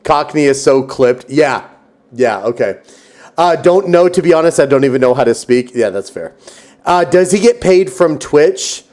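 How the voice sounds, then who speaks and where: A man's voice: on the high side, expressive, moderate pace, darkish tone. A young man hosting a stream, chatting casually in a playful, teasing way. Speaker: streamer host. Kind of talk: casual chat.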